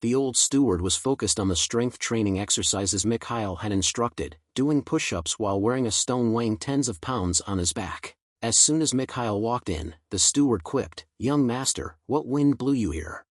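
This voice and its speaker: A man's voice: fairly low pitch, normal speed, few pauses, dry recording, studio quality. Man narrating a fantasy comic recap. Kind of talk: scripted story narration.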